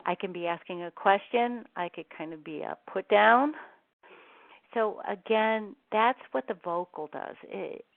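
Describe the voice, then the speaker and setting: A woman's voice: mid-range voice, unhurried, vocal fry, no room sound. Woman presenting over a tinny line. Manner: conversational, lots of ums and restarts. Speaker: webinar presenter. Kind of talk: presentation on communication styles. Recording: tinny phone-line audio.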